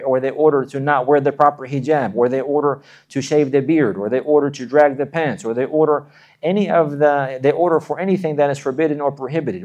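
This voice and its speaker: A man giving an earnest sermon, often repeating and restarting phrases and chanting short verses quickly. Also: fairly high pitch, a little mellow, lo-fi sound. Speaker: Islamic preacher.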